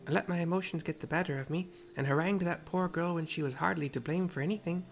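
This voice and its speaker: A gamer voicing an earnest young woman warrior who blames herself, in a put-on mixed accent, reading her lines measured and serious. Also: lowish voice, pitched above the performer's own voice, close to an everyday voice.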